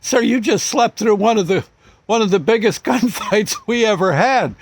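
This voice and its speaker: A man's voice: sits high, no echo, pitched above the performer's own voice. A man voicing a concerned police officer urgently questioning a man woken from a nap. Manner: urgent, raised pleading voice.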